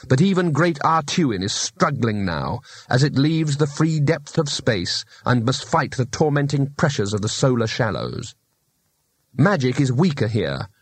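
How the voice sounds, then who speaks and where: A man's voice: medium pitch, dry recording. A man narrating an audiobook with dry, wry storytelling.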